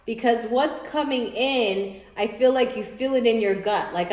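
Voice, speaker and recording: A woman giving a casual spoken tarot reading, animated and repetitive, often voicing her listener's imagined thoughts. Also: a little high, a little slow. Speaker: tarot reader. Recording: echoey room, faint noise.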